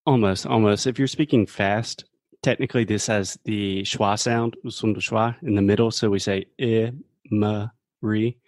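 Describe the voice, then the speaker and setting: A man's voice: lowish voice, fairly even intonation, normal speed, dry recording, clean studio sound. A man, co-hosting a casual podcast chat and patiently explaining English pronunciation. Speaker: co-host teaching English.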